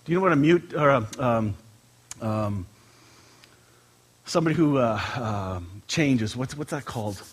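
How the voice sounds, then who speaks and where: A male pastor giving a conversational sermon to his congregation, joking in asides and slowing down to stress scripture. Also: medium pitch, expressive, breathy edge. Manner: conversational, emphatic, playful asides, drawn-out scripture reading. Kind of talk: informal sermon with scripture reading. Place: church sanctuary with a congregation.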